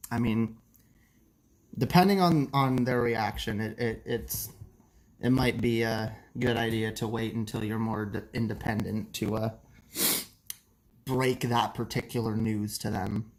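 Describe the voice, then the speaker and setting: A young man hosting a casual late-night livestream, loose and profane, coughing and laughing often. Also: medium pitch. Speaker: livestream host.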